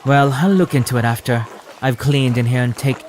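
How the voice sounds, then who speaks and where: A man reading a gentle, caring mother. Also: medium pitch, moderate pace, a little hiss or hum, pitched below the performer's own voice, natural voice. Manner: soft, polite, reading dialogue aloud.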